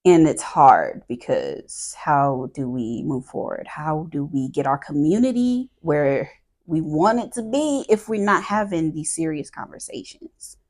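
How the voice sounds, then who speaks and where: A woman's voice: deep voice, animated, a little slow, darkish tone. A woman hosting a podcast in casual chat, thoughtful and searching for her words as she talks. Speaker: podcast host.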